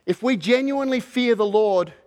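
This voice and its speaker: A man preaching a sermon as pastor, measured and repeating words as he searches for phrasing, then building to a fervent call near the close. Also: extremely high pitch, a little mellow.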